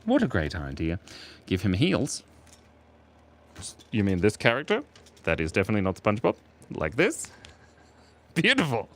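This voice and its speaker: A man's voice: lowish voice, wildly swooping pitch, normal speed, pauses often. A man with an Australian accent, casually chatting and joking with his chat while he draws. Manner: playful, jokey, reads chat aloud and laughs often. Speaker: streamer drawing live for chat. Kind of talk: casual live drawing stream.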